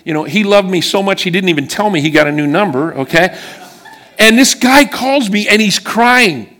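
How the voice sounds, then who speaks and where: A man's voice: animated, moderate pace. Earnest man preaching a sermon. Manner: earnest and emphatic, drops low and quiet on key words. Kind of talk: sermon with personal stories. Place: church service before a congregation.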